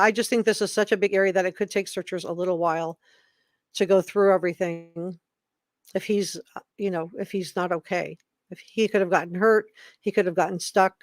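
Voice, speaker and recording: A woman's voice: mid-range voice, dry recording, studio quality. A woman hosting a casual live stream, chatting with viewers and reading their comments aloud.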